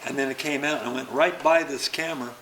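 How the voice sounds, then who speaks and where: An older man, a stuntman, telling an animated story about a past job and acting out the action. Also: mid-range voice, brisk, slight background noise. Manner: animated, acts out the action with sounds and laughter. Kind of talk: anecdotal storytelling. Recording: roomy recording.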